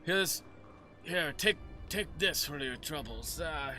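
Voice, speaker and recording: A man voicing a smooth-talking male shopkeeper who speaks in a soft, placating, hesitant way. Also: on the high side, lively intonation, takes it slowly, faint music behind, full character voice.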